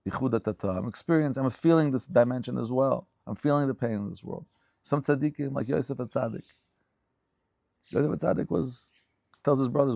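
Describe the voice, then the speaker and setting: A man's voice: mid-range voice, fairly quick, creaky, warm tone, no echo, clean studio sound. A man giving a Torah lecture as a rabbi, speaking fervently and emphatically and repeating phrases for stress.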